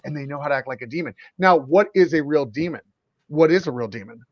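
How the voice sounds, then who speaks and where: A middle-aged man co-hosting a podcast, talking casually in animated bursts and going on a passionate rant. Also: a little high, no room sound. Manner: animated, ranting, quick bursts. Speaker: podcast co-host. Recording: dry, slightly dull audio.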